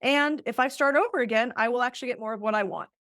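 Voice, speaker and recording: A woman co-hosting a relationship podcast, explaining ideas in a lively conversational way and acting out short quoted lines. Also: a little high, fast, no echo, clean studio sound. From Italian heritage. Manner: animated, acts out quoted voices. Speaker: podcast co-host, relationship therapist.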